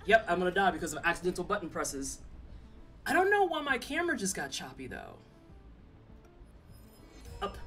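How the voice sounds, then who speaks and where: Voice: medium pitch, wildly swooping pitch, normal speed, pauses often, fairly bright tone, recorded from a distance. A young streamer in a casual live-stream, joking and teasing chat as they play. The voice sits a bit back from the mic, with faint game music running behind it. Loose, chatty and easygoing throughout. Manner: playful, chatty, teases chat.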